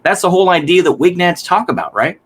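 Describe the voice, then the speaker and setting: A man's voice: high-pitched, big pitch swings, fast, fairly bright tone. A man hosting a casual reaction commentary, rambling with restarts and swearing in exasperation. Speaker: commentary host.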